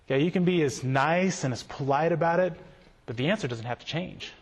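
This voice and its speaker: A man's voice: on the high side, brisk. A man giving a conversational conference talk to ministry workers in a large hall, checking in with "okay?" and acting out quoted voices. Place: large hall with a live audience. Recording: long reverb from a large hall.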